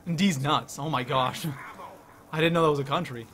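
Excitable young man streaming a game. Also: a little high, normal speed, a little hiss or hum. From Canada. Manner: excitable, reads chat out loud. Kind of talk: live stream commentary.

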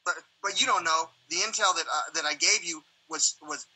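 A man's voice: on the high side, a little fast, breathy edge, poor audio. A man hosting a livestream in casual rambling chat, swearing often and acting out quoted exchanges. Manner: profane, animated, acts out quoted exchanges. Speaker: livestream host.

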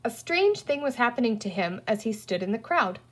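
A woman reading a children's novel aloud in an expressive storytelling voice. Her pitch sits a little high and moves a great deal, rising and falling through each sentence. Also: fairly quick, slightly rough. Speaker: audiobook reader. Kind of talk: children's book read aloud.

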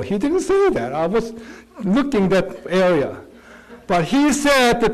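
Male pastor, English speaker, slow earnest conversational sermon, voice a bit high. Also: huge pitch swings, poor audio.

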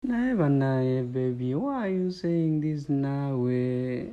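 A performer playing a demanding young girlfriend, coaxing and scolding in slow, drawn-out phrases. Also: medium pitch, animated, narrow, tinny audio.

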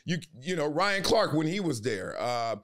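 A man talks as a podcast guest in a relaxed, slangy way, leaning hard on his points. His voice sits fairly high for a man and swings widely in pitch. He keeps the emphasis coming in a loose, animated delivery. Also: moderate pace. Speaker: podcast guest, sports commentator. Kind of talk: casual interview talk.

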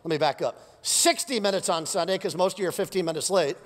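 Male pastor, animated and jokey, voice going hoarse, slightly high pitch, big reverberant church hall. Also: fast, background noise. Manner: joking, animated, swings from loud jabs to soft asides. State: losing his voice. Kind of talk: energetic sermon. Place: church auditorium with live congregation.

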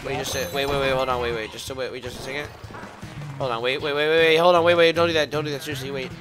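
A man hosting a multiplayer let's play, excitable and loudly protesting at his teammates. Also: medium pitch, racing. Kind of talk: multiplayer gaming banter. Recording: game music behind.

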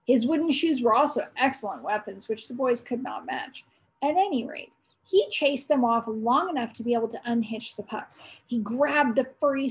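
High-voiced woman reading a storybook. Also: poor audio. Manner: storytelling, pausing to quiz listeners. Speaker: aunt reading aloud to children. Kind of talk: reading a chapter book aloud.

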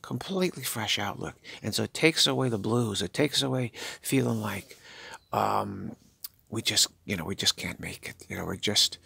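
An older man giving a spiritual talk, halting and musing, repeating himself as he searches for words. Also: on the low side, gravelly, a bit bright, slightly rough, no room sound. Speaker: spiritual teacher. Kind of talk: spiritual monologue.

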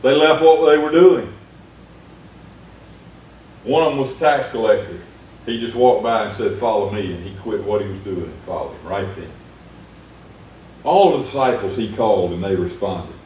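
A man's voice: fairly low pitch, normal speed, pauses often, darkish tone, slight background noise. A man preaching an earnest sermon in a small church, retelling Bible stories with rising emphasis. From United States. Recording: echoey church room from far off.

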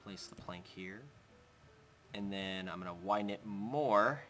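Slow, bright-voiced young man gaming. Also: on the low side. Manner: chatty, narrates his building, talks to his in-game pet. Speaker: gaming channel host. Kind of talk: casual Minecraft let's play commentary.

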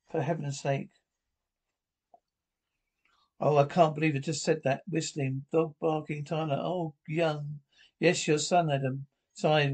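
Brief: male reader of an audio-described drama, pitch a touch high, reads the character lines and the stage cues alike. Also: a little mellow, low-quality recording. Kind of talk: reading an audio-described drama with all the voices.

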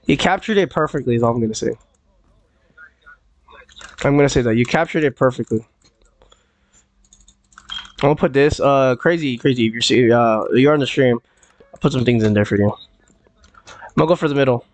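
A man's voice: medium pitch, brisk, long pauses. A young man streaming a game live, chatting loosely with many fillers, restarts and repeated words. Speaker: gaming streamer. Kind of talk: casual live-stream chat while gaming.

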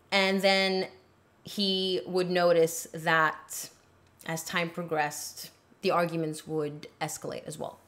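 A woman hosting a casual commentary recap of a court trial, talking in an animated way and acting out the quotes she retells. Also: on the low side. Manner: animated, acts out quoted lines.

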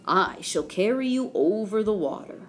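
A woman voices a friendly, kindly winged lion, speaking at a normal speed in an animated, medium-pitched voice close to her everyday one, with soft music playing in the background.

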